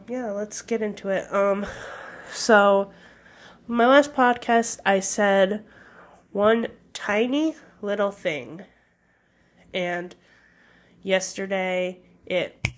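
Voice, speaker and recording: A young woman talks alone on her podcast, taking her time over each thought. She hedges and fills pauses with ums while speaking candidly, in a mid-pitched voice. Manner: hesitant, many fillers, vague and candid. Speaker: podcast host. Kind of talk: casual solo podcast talk.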